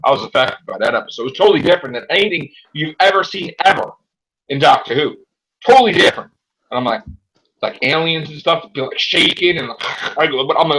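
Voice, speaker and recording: Young male host, casual fan chat, lively swooping delivery, a bit high-pitched. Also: fast talker, rough recording. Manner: animated, exclaiming, acts out his own reactions. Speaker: podcast host.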